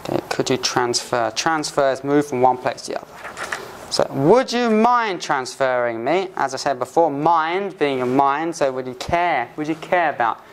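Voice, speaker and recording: A man teaching English phrases to learners, patiently repeating examples slowly and restarting often. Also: mid-range voice. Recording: faint background noise.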